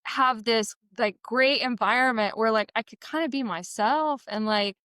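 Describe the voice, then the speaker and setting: A woman in her forties, a podcast guest, telling a story in casual chat, animated and laughing often with many fillers. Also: on the high side, normal speed, clear, resonant tone, no room sound, clean studio sound. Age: 40s.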